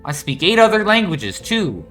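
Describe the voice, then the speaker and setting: Guy doing a loud jokey american spy in a cab, high and bright, booming. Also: sing-song, normal speed, soft background music. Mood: boisterous. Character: cheerful chatty male American spy passenger.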